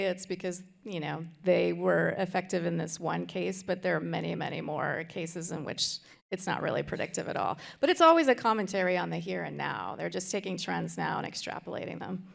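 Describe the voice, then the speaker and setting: A woman's voice: on the low side, gravelly. A middle-aged woman speaking on a college panel in a direct, confident way. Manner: direct, confident, laughs easily.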